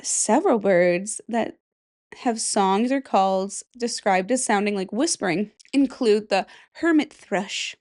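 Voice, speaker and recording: A woman's voice: mid-range voice, takes it slowly, a little mellow. A woman in her thirties hosting a casual solo podcast, rambling and chatty and swearing freely. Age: 30s. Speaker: podcast host.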